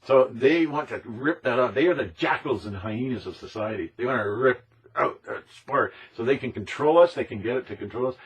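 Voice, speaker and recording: A man with a husky, breathy voice delivers an impassioned monologue. He talks emphatically and repeats himself, sometimes slipping into mocking impressions of other people. His pitch sits in an ordinary middle range. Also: expressive, fairly quick. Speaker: speaker on conspiracy topics.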